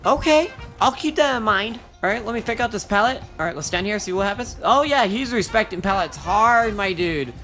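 A young gamer giving excited, profane commentary while playing, taunting the opponent. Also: medium pitch, a little fast, hardly any pauses, faint music behind. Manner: excitable, swears a lot, taunts the enemy. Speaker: gamer doing live commentary. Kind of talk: casual gameplay commentary.

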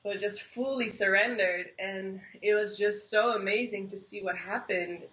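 A young woman from the Netherlands speaks English. Her bright, forceful voice comes through the dull, lo-fi sound of an online video call. She tells her story animatedly, circling back with lots of "like" and restarts. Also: mid-range voice, moderate pace. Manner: animated, heavy use of "like" and restarts. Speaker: interview guest, singer-songwriter. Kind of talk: casual storytelling interview.

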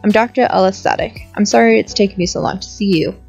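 A calm woman doctor from a story game speaks in a low, soothing way, as a woman reader puts her on. Her voice sits at a middle pitch. The recording is dull and lo-fi, with faint music underneath. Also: fast, creaky, husky. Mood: gentle.

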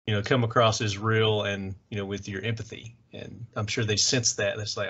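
A man with a Southern Tennessee accent hosting a casual podcast interview and asking relaxed follow-up questions. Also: fairly low pitch, moderate pace, few pauses, breathy edge. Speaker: podcast host. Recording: lo-fi dull audio.

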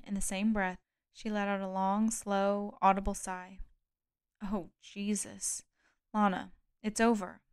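A woman reading an audiobook aloud in a calm, measured way, close to the mic. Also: mid-range voice, smooth, no room sound. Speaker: audiobook reader. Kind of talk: audiobook narration.

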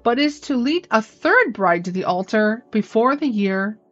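Woman narrator, scripted storytelling, lively pitch, dry, dull sound. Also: unhurried, no echo.

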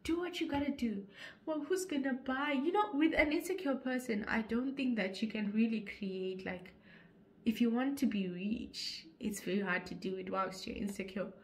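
Young zimbabwean woman vlogging, earnest and preachy, voice on the higher side. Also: moderate pace. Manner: earnest, preachy, rising to forceful urging. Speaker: YouTuber. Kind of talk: motivational vlog talk.

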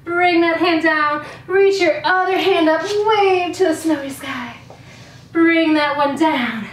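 A woman's voice: very high voice, takes it slowly, distant mic, a little hiss or hum. A woman teaching a children's yoga class, giving encouraging sing-song cues and a little out of breath. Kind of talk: guided kids' yoga class. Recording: roomy, off-mic with faint music.

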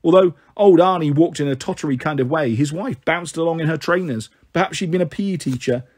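A man's voice: fairly quick, darkish tone, slightly rough. A man reading a children's novel aloud, lifting his voice to play the characters. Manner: voices the characters with a raised pitch. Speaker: storyteller.

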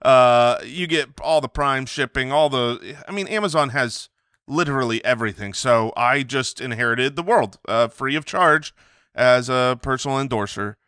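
Bright-voiced joking male podcast host. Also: mid-range voice, normal speed, smooth, dry recording, clean studio sound. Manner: rambling, self-mocking rants. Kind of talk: casual comedic banter.

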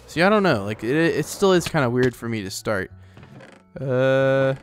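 Playing through a game, a man rambles casually in his let's play and often addresses the in-game animals. His mid-range voice swings widely in pitch at a moderate pace, with faint music in the background.

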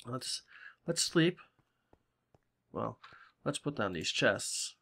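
A man's voice: medium pitch, animated, drawn-out words, gravelly, pushed and bright, slight background noise. A man from Salem, chatting casually and swearing freely while commenting on his game. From Salem, Massachusetts. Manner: rambling, profane, chatty. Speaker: gaming channel host.

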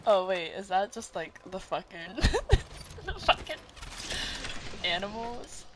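A woman's voice: medium pitch, very animated, slow. A young woman streaming a game with a friend, laughing a lot and swearing. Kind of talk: casual gaming chat with a friend. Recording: noisy background with clicks.

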